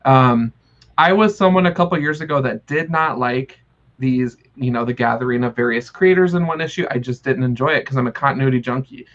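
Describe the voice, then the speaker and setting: A man co-hosting a casual chat, talking excitedly with lots of fillers. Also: mid-range voice, brisk, highs cut off. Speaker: co-host.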